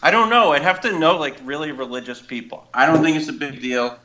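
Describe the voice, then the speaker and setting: A man with a bright, forceful voice chats on a podcast, hedging his answers and tossing back playful questions. His recording sounds dull and muffled, as if the high end is cut off. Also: a little fast. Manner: hesitant, playful, asks questions. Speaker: podcast co-host. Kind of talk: casual podcast chat.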